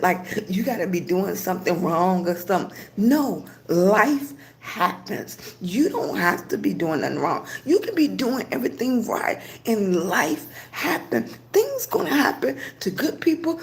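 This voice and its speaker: Southern grandma chatting on a livestream. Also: female voice, mid-range voice. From Virginia. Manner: warm, greets viewers by name, motivational. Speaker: livestream host. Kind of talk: casual livestream chat.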